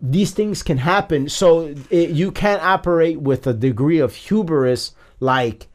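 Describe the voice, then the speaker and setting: A man's voice: a little high, unhurried. Earnest male podcast co-host. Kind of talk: casual chat.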